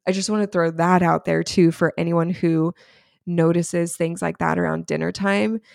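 A woman in her thirties co-hosting a podcast, chatting casually and telling lively stories about parenting a child with diabetes. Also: lowish voice, normal speed, vocal fry, dry recording, clean studio sound. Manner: chatty, animated storytelling. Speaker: podcast co-host. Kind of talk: casual chat.

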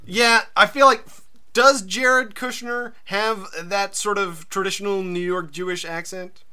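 A man co-hosting a casual comedy podcast, his voice sitting high and sounding strikingly bright. He talks loosely, trading jokes and offhand asides with his partner. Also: fairly even intonation, smooth. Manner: joking, quick asides, swears casually. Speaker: podcast co-host.

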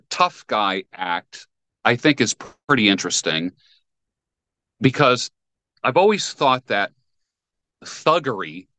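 Male guest, mid pitch, bright forceful delivery, confident opinions, dry close mic. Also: dry recording. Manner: firm, opinionated, explains principles. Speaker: podcast guest. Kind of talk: casual podcast conversation.

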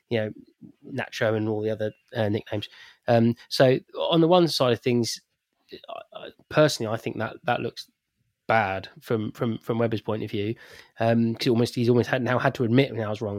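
A man co-hosting a football fan podcast, his voice sitting at an ordinary middle pitch. He talks in long winding sentences, stopping and restarting as he thinks. The sound is close and dry. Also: no room sound. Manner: rambling, many restarts and fillers. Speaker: podcast co-host. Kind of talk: casual football podcast chat.

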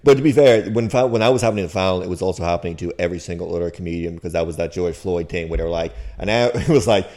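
A man's voice: low-pitched, very fast, few pauses, dark tone. A young man co-hosting a comedy podcast, talking in a laid-back, dry, rambling way. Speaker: podcast co-host. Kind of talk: casual comedic chat.

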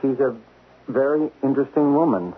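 A man playing a nervous, fawning undercover agent in a 1970s radio drama, stammering, with a husky voice. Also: medium pitch, lively intonation, normal speed. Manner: stammering, eager to please. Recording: tinny lo-fi radio broadcast.

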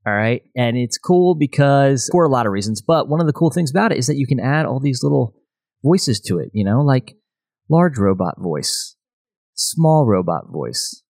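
A man hosting a podcast in casual chat, relaxed and saying "you know" often. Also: medium pitch, brisk, gravelly, no room sound. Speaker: podcast host.

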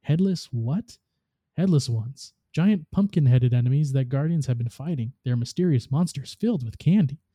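Man doing a cheerful friendly ghost, eager, dark mellow tone, dry. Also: mid-range voice, expressive, normal speed, breathy edge, no echo. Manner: upbeat, eager.

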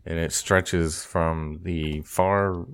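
Deep-voiced man in casual podcast chat. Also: drawn-out words, smooth. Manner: relaxed, laughs easily, thinks aloud with fillers. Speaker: podcast co-host.

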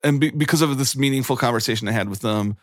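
A man's voice: medium pitch, fast talker, no room sound, studio quality. A man in his forties talking in a casual, rambling, earnest way, full of "like" fillers. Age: 40s. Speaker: guest. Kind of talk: casual chat.

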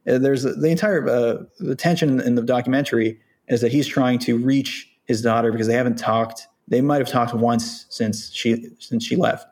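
A man's voice: mid-range voice, fairly even intonation, moderate pace, few pauses, darkish tone. A man hosting a podcast, explaining his opinions casually and thinking aloud. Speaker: podcast host.

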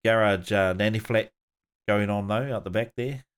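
Low-voiced laughing New man. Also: moderate pace, clear, resonant tone. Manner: relaxed, laughs often. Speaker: podcast host. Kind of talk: casual chat.

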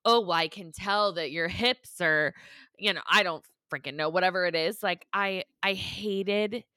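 Animated, bright-voiced young woman storyteller. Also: fairly low pitch, moderate pace, no echo, clean studio sound. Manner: animated storyteller, lots of "like", swears casually. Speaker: podcast co-host. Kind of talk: casual chat.

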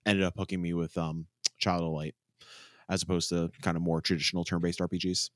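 Low-voiced man hosting a podcast. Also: level tone, fairly quick, no echo, clean studio sound. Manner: upbeat, jokey, hands turns to co-hosts. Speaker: podcast host. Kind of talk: casual chat, reading game blurbs.

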